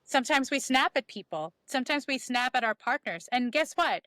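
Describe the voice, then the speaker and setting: A woman's voice: high-pitched, animated, a little fast, a bit bright, dry recording. A woman talking as a podcast guest, giving emphatic advice that repeats key phrases and acts out inner dialogue. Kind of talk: animated conversational advice.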